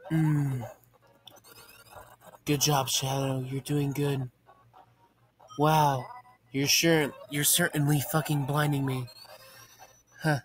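A man giving profane, deadpan muttered commentary while playing a video game, framed as a mock ASMR video. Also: fairly high pitch, takes it slowly, long pauses, soft background music. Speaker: gaming channel host.

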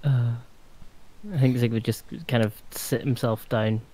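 A man's voice: medium pitch, little pitch movement, unhurried, dark tone. A man playing a tabletop game, talking casually and hesitantly, searching for words. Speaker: player.

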